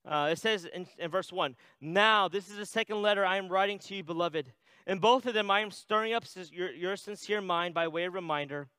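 A man's voice: high-pitched, brisk, bright, forceful tone, clear, resonant tone, dry recording. A man preaching a sermon in a conversational way, reading scripture aloud and adding "right?" asides. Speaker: pastor.

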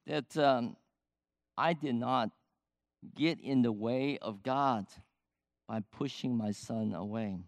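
Slow, measured older male preacher. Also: medium pitch, no room sound, studio quality. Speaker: pastor. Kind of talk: sermon.

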